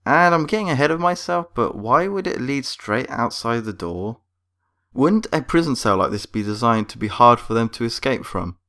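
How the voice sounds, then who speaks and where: Sarcastic guy doing a scripted cartoon review, exasperated, mid-pitched. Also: lively intonation, normal speed, bright, forceful tone. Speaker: video reviewer. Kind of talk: scripted critique commentary.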